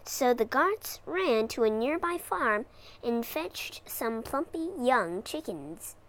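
A woman reads a children's storybook aloud, very slowly and with dramatic expression. Her voice sits fairly high and rises and falls a lot. She narrates each phrase with care for learners. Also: expressive.

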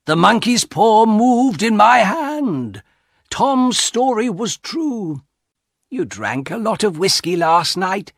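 A man reading an audiobook, voicing a stubborn, uneasy old husband in a slow, emphatic way. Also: high-pitched, very animated, no echo, clean studio sound, pitched above the performer's own voice, heavily acted. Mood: insistent.

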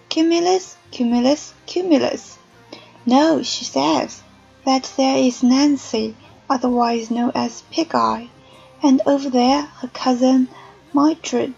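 Slow husky woman reading a story. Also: sits high, a little mellow, highs cut off. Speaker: audiobook reader. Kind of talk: scripted narration.

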